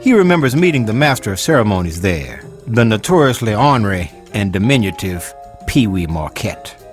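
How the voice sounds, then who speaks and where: Male radio announcer, scripted narration, animated delivery. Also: on the low side, moderate pace. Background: music.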